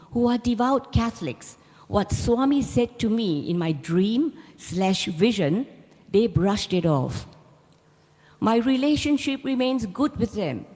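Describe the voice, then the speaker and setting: Recorded in a large hall with long reverb, this devotional talk comes from a middle-aged woman sharing her own life story. Her voice is mellow and sits at a medium pitch, and her delivery is earnest and narrative.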